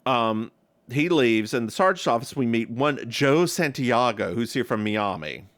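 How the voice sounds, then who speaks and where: A man's voice: mid-range voice, expressive, a little slow, a bit bright, no room sound. A man co-hosting a podcast, recapping a TV episode in a campy, gossipy chat. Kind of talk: casual chat.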